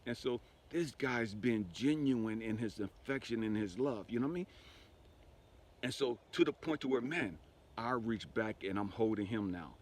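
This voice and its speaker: A grieving man shares a personal spiritual testimony conversationally, often asking "you know what I mean." His mid-range voice moves at a moderate pace.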